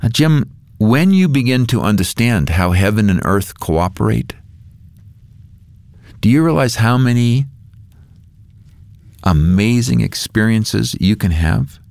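A man being interviewed as a guest author, telling a story with lively, acted-out dialogue. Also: on the low side, measured pace, gravelly, pauses often, no echo. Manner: lively storyteller who acts out quoted dialogue.

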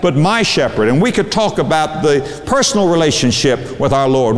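A middle-aged man, a pastor, preaching a sermon with emphatic, preacherly delivery and dramatic slowdowns on key words. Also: fairly high pitch. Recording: long hall reverb.

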